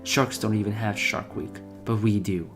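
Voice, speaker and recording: A smug, smooth-talking man in his thirties, easy and self-assured, read by a man in his own low voice. A faint guitar track plays underneath. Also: fairly even intonation, moderate pace, close to an everyday voice. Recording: faint guitar music behind.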